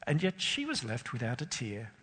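Man, storyteller, dramatic reading, expressive, emotional pauses, husky voice, long hall reverb. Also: medium pitch.

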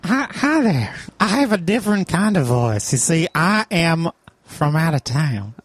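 A man voicing a folksy male outsider in an improvised comedy sketch, with a slow, drawn-out delivery. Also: a little high, very animated, breathy edge, heavily acted. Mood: odd folksy. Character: male outsider "Out of Town Guy", odd folksy manner.

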